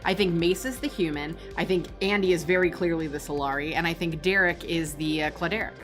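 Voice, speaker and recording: A woman co-hosting a live stream in casual chat, making playful guesses in quick banter. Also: lowish voice, steady tone. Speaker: stream co-host. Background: soft music.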